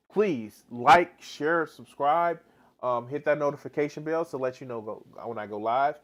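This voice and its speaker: A man's voice: a little high, moderate pace. A man live-streaming reaction commentary, exasperated and swearing heavily, with rambling restarts.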